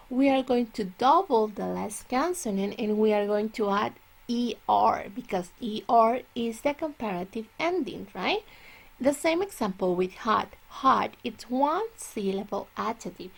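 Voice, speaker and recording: A woman teaching English grammar, explaining slowly and stretching out her example words. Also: fairly high pitch, animated, vocal fry. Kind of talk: classroom grammar lesson.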